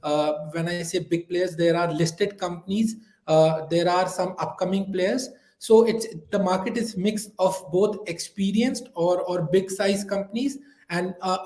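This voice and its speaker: Man, sales rep, hesitant with fillers, high voice, roomy echo. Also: fairly even intonation, measured pace, few pauses, darkish tone. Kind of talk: webinar role-play call.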